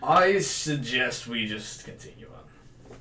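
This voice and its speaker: A man's voice: medium pitch, lively intonation, takes it slowly, sharp tone. A man with a Dutch accent playing a tabletop game, giggly and jokey. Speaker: player. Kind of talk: casual tabletop role-play chat. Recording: echoey room, faint music.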